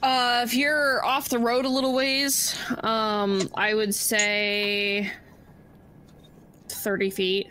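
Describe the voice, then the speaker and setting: Brief: woman game master, fairly high voice, halting narration full of ums, faint noise behind. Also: level tone, pushed and bright. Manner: hesitant, many fillers and restarts.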